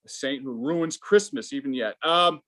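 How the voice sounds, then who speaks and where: Halting stand-up comic, lively pitch. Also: male voice. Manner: halting, many fillers and restarts. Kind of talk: stand-up set on a video call. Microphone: video call.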